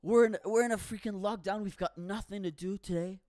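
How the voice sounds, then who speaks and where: A man in a profane comic rant, animated and swearing, with bursts of shouting. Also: sits high, fairly quick, dry recording, studio quality.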